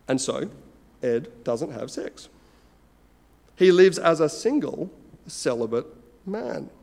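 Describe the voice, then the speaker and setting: A man preaching a sermon in an earnest, measured way, pausing between phrases. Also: a little high, gravelly, a little mellow, long reverb tail.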